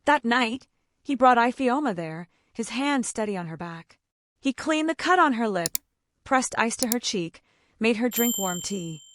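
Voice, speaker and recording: A woman narrating a scripted dramatic story in an expressive way. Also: fairly high pitch, unhurried, a little hiss or hum.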